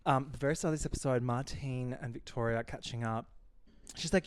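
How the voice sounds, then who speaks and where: A man, co-hosting a podcast and gossiping through a TV recap, with frequent swearing and quick impressions. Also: medium pitch, clean tone. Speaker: podcast co-host. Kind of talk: casual chat recapping a TV show.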